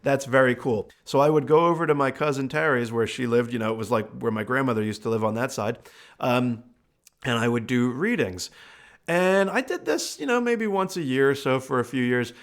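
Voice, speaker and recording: A male host and medium tells a family story in a loose, conversational way. His voice sits at a middle pitch, and he fills his pauses with casual asides. It sounds like easygoing podcast talk. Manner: relaxed, chatty, with fillers like uh and you know.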